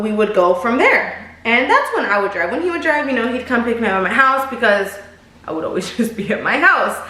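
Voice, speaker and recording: A woman's voice: on the high side, bright, forceful tone. A young woman vlogger telling a dating story in a casual, slangy way, talking straight to her viewers. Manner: chatty, slangy, addresses viewers as y'all. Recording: roomy echo.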